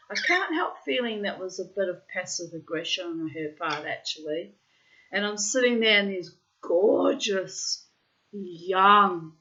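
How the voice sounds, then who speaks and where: Middle-aged woman, lowish voice, blunt and swearing, diary-reading monologue, muffled lo-fi sound. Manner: frank and profane, breaks into loud laughter. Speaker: diarist reading her journal aloud. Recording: dull, lo-fi sound.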